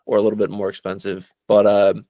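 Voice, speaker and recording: A man in casual podcast chat, talking in a relaxed, halting way with many filler words. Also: fairly low pitch, dry recording. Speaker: podcast co-host.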